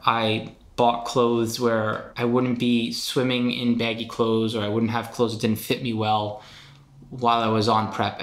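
A man's voice: mid-range voice, a bit bright. An easygoing man with a mid-range voice talks through his experience on a podcast. The recording carries a noticeable roomy echo. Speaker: podcast host and bodybuilder. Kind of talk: casual podcast chat. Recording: roomy echoey sound.

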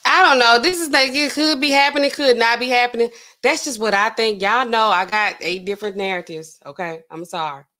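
A woman hosting a live show, commenting on celebrity gossip in an animated, laughing, slangy way. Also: on the high side, a little fast. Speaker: pharmacist host.

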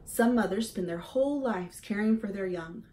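A woman voicing a patient female robot mother who speaks in an even, measured way, reading a storybook aloud. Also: mid-range voice, natural voice. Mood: calm.

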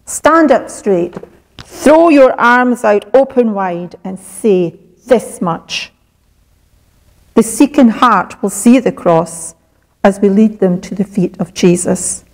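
A woman reading a devotional poem aloud at a church service, in a slow, measured recitation. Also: medium pitch, expressive, gravelly, rough recording. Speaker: service reader.

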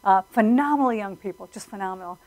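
A woman, a filmmaker guest telling stories in an animated, casual interview, acting out quotes. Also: medium pitch, fast talker, rough recording. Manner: animated storyteller, acts out quotes.

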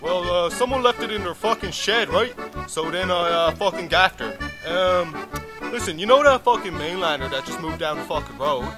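A man's voice: high voice, normal speed, over music. A young man with a Newfoundland accent, talking in laid-back, swearing slang in a comedy sketch. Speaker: sketch performer.

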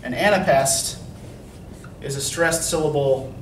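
A man's voice: fairly high pitch, a little slow. Lecturing man, echoey classroom from afar. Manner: explanatory, often checks in with "right?". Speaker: college English instructor. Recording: echoey classroom from far off, faint noise.

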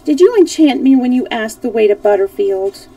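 A woman's voice: a little high, expressive, moderate pace, warm tone, far from the mic, voice pushed up, poor audio. A woman voicing a polite, curious little girl who speaks earnestly and with wonder.

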